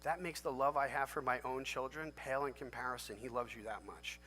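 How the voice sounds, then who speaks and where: A man preaching a sermon as pastor, emphatic and animated, jumping to loud high lifts for emphasis. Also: brisk, soft background music. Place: large church sanctuary. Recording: long church hall reverb.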